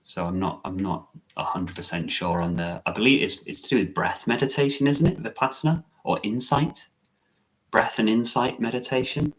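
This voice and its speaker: A man's voice: on the low side, fairly even intonation, normal speed. A man, a meditation teacher, chatting casually on a live stream, musing and correcting himself as he answers viewer comments.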